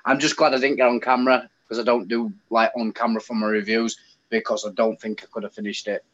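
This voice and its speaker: A man's voice: mid-range voice, flat delivery, fast, a bit bright. A middle-aged man, a talkative guest telling stories in a casual live stream chat. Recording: slightly dull lo-fi call audio.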